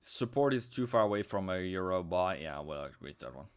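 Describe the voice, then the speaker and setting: A man's voice: low-pitched, lively intonation, fast talker, clean tone. Male streamer, non-native English with Norwegian roots, easygoing live-chat delivery, clean resonant voice. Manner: chatty, reads chat aloud, sings snatches. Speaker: forex trading streamer. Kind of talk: casual live-stream commentary.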